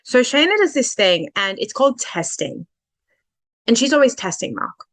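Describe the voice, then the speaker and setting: A woman's voice: on the high side, very animated, moderate pace, fairly bright tone, dry recording. A woman relationship coach explaining dating behaviour in a casual, conversational way, with fillers and restarts, stretching out her key points.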